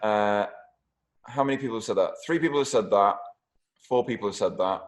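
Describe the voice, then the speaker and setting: A man's voice: fairly low pitch, fairly quick. A man hosting a podcast, reading listener questions in a casual, joking way with some swearing. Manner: reads listener questions, swears, laughs often. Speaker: podcast host.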